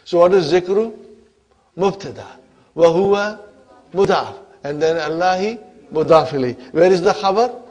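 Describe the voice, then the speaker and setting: A man teaching an Arabic grammar class, speaking slowly and deliberately and often checking that his listeners follow. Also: sits high, darkish tone. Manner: slow, deliberate, constantly checks on listeners with questions.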